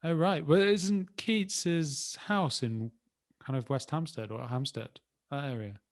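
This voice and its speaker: A man's voice: on the high side, slow pace, no echo, clean studio sound. A man co-hosting a podcast, asking short questions and laughing at himself. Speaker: podcast co-host. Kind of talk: casual chat.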